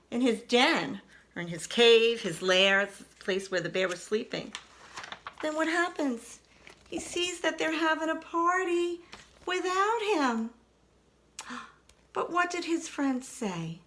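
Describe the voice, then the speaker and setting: A woman teacher reading a picture book aloud to preschoolers, expressive and asking the children questions. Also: high-pitched.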